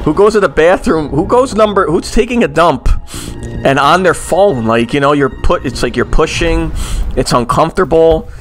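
A man chatting casually while playing a game with friends, telling crude stories in an animated, profane way. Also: a little high, moderate pace, faint music behind. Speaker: gamer. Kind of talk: casual chat while gaming.

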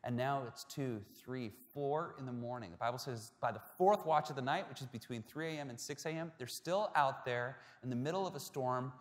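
Pastor preaching in a reverberant hall. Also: male voice, fairly quick, few pauses. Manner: storytelling with a swing between hushed lows and loud, emphatic peaks. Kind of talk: sermon.

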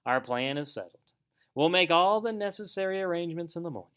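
A man playing a stern old storybook badger with a thin, dry voice. He speaks with severity and authority, his pitch still moving a lot. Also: lively intonation, fast, fairly bright tone, clean tone.

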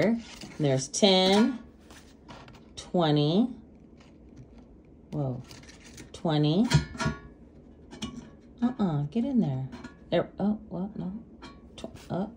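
A woman with a gently tinged voice chats through a budgeting vlog, counting bills out loud as she goes. Her voice sits a bit low but swings up and down a lot. Faint room noise sits behind her. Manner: chatty, counts cash aloud while talking to viewers. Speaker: budgeting vlogger. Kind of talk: casual cash-stuffing vlog.

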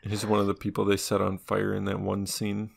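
A man's voice: fairly low pitch, completely flat delivery, a little fast, vocal fry. A man cohosting a casual comedic podcast who needles the host with skeptical questions.

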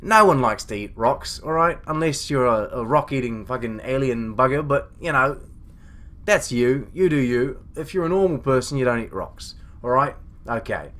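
A man's voice: mid-range voice, lively intonation, normal speed, a bit bright, lightly acted. A man playing a grumpy, foul-mouthed starship captain, rambling and ranting with indignation in a comedy monologue. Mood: grumbling. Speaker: comedy web series creator.

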